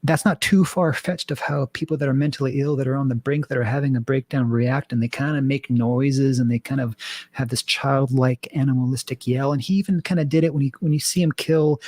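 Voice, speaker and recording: A man's voice: medium pitch, fairly quick, no echo. Guy rambling about a movie, swears a lot, dry close sound, average voice. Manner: rambling, profane, animated. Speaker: podcast guest. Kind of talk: casual movie discussion.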